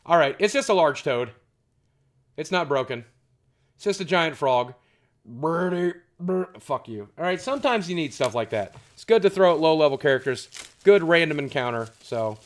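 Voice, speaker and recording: A man's voice: on the high side, animated, normal speed. A man chatting casually and profanely with his stream chat while unboxing, cracking jokes. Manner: crude, profane, jokey.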